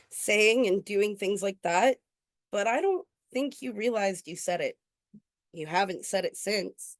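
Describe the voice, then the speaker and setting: A woman performing her own spoken-word poetry at an open mic, earnest and intimate, slowing on key lines. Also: on the high side, no echo, clean studio sound. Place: indoor open mic venue.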